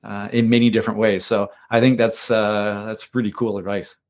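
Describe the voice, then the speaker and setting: A man's voice: fairly low pitch, level tone, normal speed, darkish tone. A man hosting a podcast, chatty and lightly sarcastic, and he laughs often. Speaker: podcast host. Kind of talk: casual interview talk.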